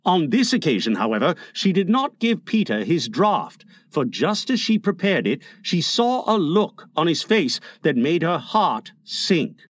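A man narrating a storybook aloud with an expressive, lilting delivery. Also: fairly high pitch, unhurried, few pauses, no room sound. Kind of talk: storybook reading.

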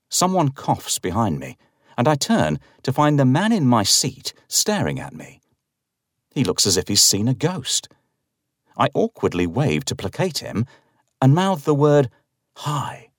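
A man with a very deep voice reads a horror story aloud in the first person. His delivery is dramatic and swings widely in pitch. The recording is dry and close, with no room sound. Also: measured pace, no echo. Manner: dramatic, expressive reading.

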